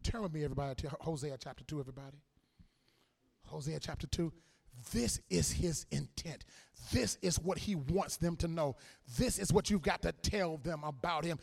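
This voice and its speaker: Gravelly preacher man, shouting and dropping low. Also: normal speed. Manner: swings from shouted sing-song preaching to quiet asides. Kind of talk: sermon.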